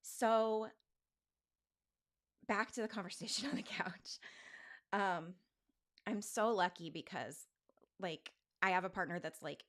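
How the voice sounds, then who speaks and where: A woman's voice: lowish voice, a little slow, pauses often. A woman in her forties, a podcast host, talking candidly in a rambling, self-questioning way with many fillers. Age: 40s. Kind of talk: candid personal monologue.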